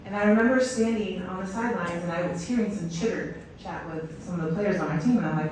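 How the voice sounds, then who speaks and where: A woman's voice: fairly low pitch, fast, few pauses. A woman coach giving an enthusiastic storytelling speech to a stadium crowd, with many fillers. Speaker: head volleyball coach, guest speaker. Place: outdoor stadium. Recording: echoey stadium PA from far off.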